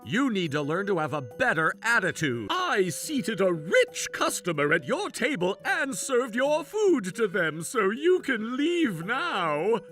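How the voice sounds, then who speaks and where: A man's voice: sits high, wildly swooping pitch, a little slow, few pauses, fairly bright tone, faint music behind, exaggerated voice. A man voicing an arrogant, mocking male chef who owns a restaurant, in a sneering, gloating, theatrical manner. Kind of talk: animated story voice acting.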